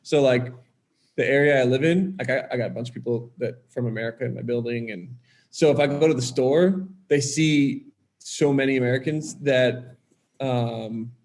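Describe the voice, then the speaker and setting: Man from Wisconsin, podcast guest, casual rambling chat, lots of fillers, mid-pitched voice. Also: moderate pace, a little mellow.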